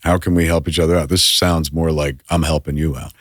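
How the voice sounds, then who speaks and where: A filmmaker in casual podcast chat, an animated storyteller who swears often and acts out quotes. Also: male voice, a bass voice, fairly quick, no room sound, studio quality. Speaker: filmmaker guest.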